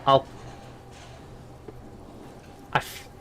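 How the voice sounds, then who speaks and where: A man's voice: drawn-out words, fairly bright tone. Man musing through a game stream. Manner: musing, chatty. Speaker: livestreamer. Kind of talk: casual gameplay commentary.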